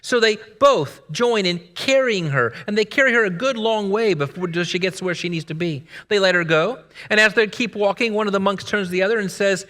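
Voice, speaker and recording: Bright-voiced preacher in a reverberant sanctuary. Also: male voice, sits high, brisk, few pauses. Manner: storytelling with sudden swings between loud and hushed. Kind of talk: sermon. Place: church sanctuary.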